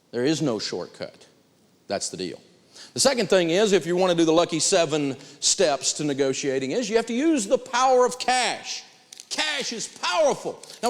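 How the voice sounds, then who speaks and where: A man's voice: sits high, in a large hall. A man teaching personal finance to a live class, telling a story animatedly and acting out the dialogue. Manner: animated, acts out dialogue, chuckles.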